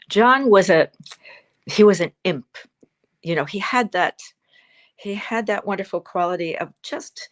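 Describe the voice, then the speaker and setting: Woman, 70s, interview guest; expressive, emphatic storyteller, lower pitch. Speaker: guest actor.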